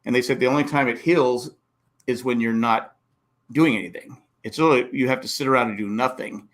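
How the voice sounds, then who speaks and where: Animated man talking football. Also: mid-range voice, fairly quick. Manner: animated, acts out coaches and fans with exclamations. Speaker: podcast host. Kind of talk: casual sports talk.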